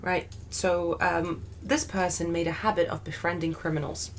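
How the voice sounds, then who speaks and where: Low-voiced woman running a quiz. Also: moderate pace, a little hiss or hum. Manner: steady, reads out clues and reveals. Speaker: quiz-running podcast co-host. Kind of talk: casual chat hosting a quiz.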